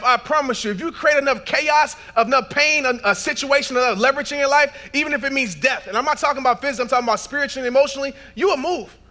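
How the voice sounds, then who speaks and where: A man in his thirties delivering a motivational keynote into a handheld stage mic. His voice sits high for a man and rings bright and forceful. He tells stories in acted-out dialogue, then rises to shouted, preacher-like peaks. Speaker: motivational speaker. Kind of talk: keynote speech. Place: large event hall.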